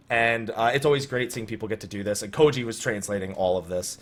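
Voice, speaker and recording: A man's voice: medium pitch, steady tone, fast, hardly any pauses, a bit bright. A young man hosting a casual podcast. He tells an anecdote with animation, acts out quotes and laughs often. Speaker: podcast host.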